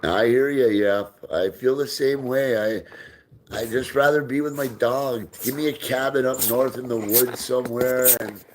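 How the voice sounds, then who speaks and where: A man hosting a casual live stream, reading out viewer comments, answering them, and talking softly to his dog while they play ball. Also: mid-range voice, unhurried, a little hiss or hum. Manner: reads out and answers viewer comments, often drops into soft baby talk for his dog. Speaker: livestream host.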